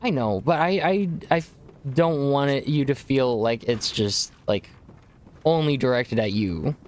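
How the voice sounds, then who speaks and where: A man's voice: medium pitch, unhurried. A man from Texas streaming a game, chatting casually in a rambling way and breaking into silly voices now and then. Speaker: gaming streamer. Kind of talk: casual chat while playing. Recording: noisy stream audio.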